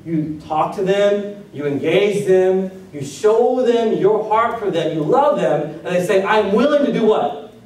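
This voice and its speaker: A man's voice: high-pitched, a little mellow. A man pastor giving a casual, joking sermon, asking the congregation questions as he goes. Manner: conversational, joking with the congregation, asks them questions. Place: church sanctuary. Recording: echoey hall recorded from far off.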